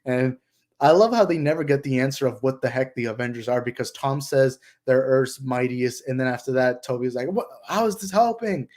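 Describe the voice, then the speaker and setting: A young adult man hosting a casual movie discussion livestream, excited and rambling, with lots of fillers. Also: medium pitch, a little fast. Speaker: channel host.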